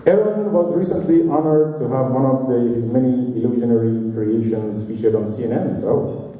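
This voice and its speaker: A man's voice: mid-range voice, moderate pace, warm tone. Self-mocking man emceeing a party. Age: 40s. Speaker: event emcee. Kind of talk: stand-up comedy hosting. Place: large party hall. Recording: distant, roomy hall recording.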